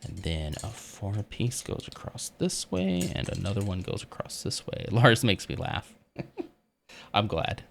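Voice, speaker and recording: A man's voice: on the low side, sing-song, unhurried, vocal fry, slight background noise. A man livestreaming as he builds a Lego set, chatting casually and laughing often at himself.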